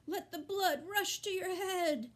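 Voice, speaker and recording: A woman reading aloud and voicing a wise old female sheep who gives calm, bossy advice. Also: very high voice, slow pace, voice pushed up, exaggerated voice. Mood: advising.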